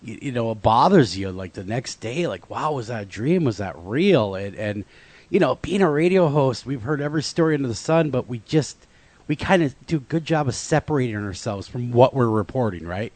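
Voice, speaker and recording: A male radio host talking in an interview in a halting, heartfelt way. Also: medium pitch, animated, a little mellow, dry recording. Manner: halting, heartfelt, with many restarts.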